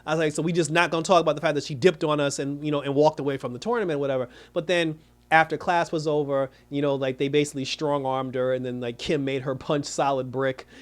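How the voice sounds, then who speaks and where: Animated man recapping an episode. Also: a little high, quick pace. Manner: animated, talks in rambling restarts and quoted asides. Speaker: reviewer.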